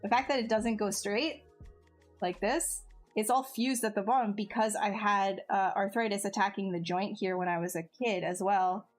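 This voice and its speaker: A woman's voice: mid-range voice, fairly even intonation, normal speed, soft background music. A woman chatting casually on a live stream while she sculpts, answering viewers in a self-mocking way that often trails off and restarts.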